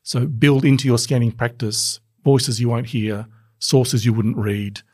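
Give me a man with a husky voice, recorded dry and close, reflectively explaining ideas on a podcast panel. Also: mid-range voice, steady tone, measured pace, a little mellow, no room sound. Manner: reflective, explains with anecdotes and maxims. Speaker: futures analyst guest.

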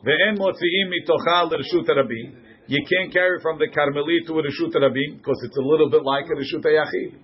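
A man leads a classroom Talmud lesson, his voice a little higher than most men's. He reads each Hebrew or Aramaic phrase and then translates it into English. The recording is muffled and lo-fi. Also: fairly quick. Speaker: Talmud teacher. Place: classroom with students.

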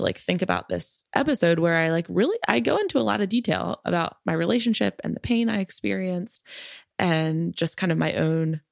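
Low, gravelly woman chatting frankly. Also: no echo, studio quality. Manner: frank, chatty, many filler words. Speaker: podcast creator. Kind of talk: casual interview chat.

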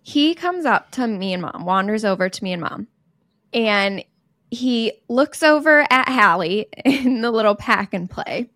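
A young woman with a fairly high voice tells a story on a podcast, lively and quick to laugh. The sound is dry and close to the mic, with no room around her. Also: no room sound. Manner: animated storyteller, laughs often. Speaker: podcast co-host. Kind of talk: casual storytelling chat.

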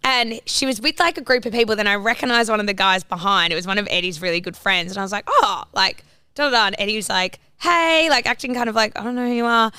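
Bright, smooth woman. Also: mid-range voice, fast, dry recording, studio quality. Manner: swearing, animated storytelling, acts out quotes. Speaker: podcast co-host. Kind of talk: casual chat.

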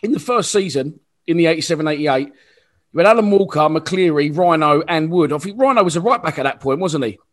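A man's voice: on the high side, lively intonation, a little fast. A man hosting an interview, asking friendly, leading questions about an old season. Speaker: podcast host.

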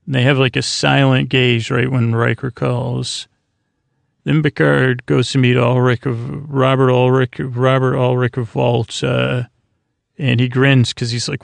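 A man hosts a sleep podcast, rambling through a recap with plenty of fillers and restarts. His voice is heavily gravelly and stays almost completely flat in pitch. The sound is close and dry, with no room around it. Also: unhurried, dry recording. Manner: low-key, drowsy delivery. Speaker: podcast host.

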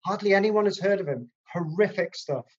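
This crime writer speaks briskly in a high-pitched voice with a breathy edge, chatting casually on a podcast. He comes across as hesitant and rambling, using lots of fillers, and the recording sounds dull and lo-fi.

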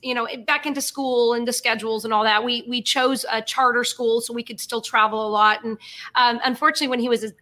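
A woman's voice: a little high, fairly even intonation, fast talker, pushed and bright. A middle-aged woman co-host chatting proudly in a casual podcast conversation. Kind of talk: casual faith podcast chat.

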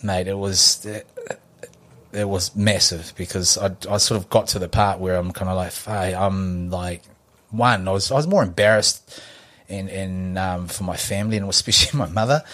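A man's voice: low-pitched, moderate pace, fairly bright tone. A New Zealand man in his forties, a podcast guest telling a story in a laid-back, rambling way with lots of fillers. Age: 40s. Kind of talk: casual storytelling chat.

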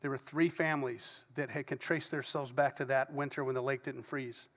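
A man's voice: mid-range voice, steady tone, moderate pace. Middle-aged male pastor, casual story-led sermon with asides, recorded in a reverberant church. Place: church sanctuary before a congregation. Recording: long reverb of a large church hall.

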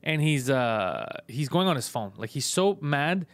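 A man casually telling a story on a podcast, fast, profane and animated. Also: medium pitch, dry recording. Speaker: podcast host, comedian.

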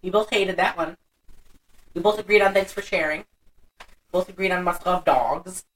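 A woman co-hosting a casual movie recap podcast, telling the plot in an animated, profane way with lots of laughing. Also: on the low side, moderate pace, far from the mic, poor audio. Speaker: podcast co-host.

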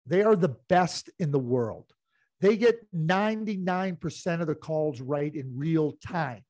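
A man's voice: a little high, expressive, unhurried, a little mellow. Rambling middle-aged male hockey analyst. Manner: rambling storyteller with many "you know" fillers. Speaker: hockey analyst and former team executive. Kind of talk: anecdotal sports talk.

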